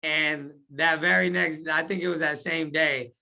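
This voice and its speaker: With a fairly high voice, a touch of vocal fry, and a slightly slow delivery, a man shares his life story in a casual interview. His telling is lively and slangy, and he acts out his old lines.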